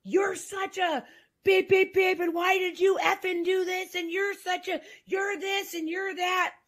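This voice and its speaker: A woman imitating her raging husband as he yells insults, in a shouted, high-strung rant. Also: little pitch movement, unhurried.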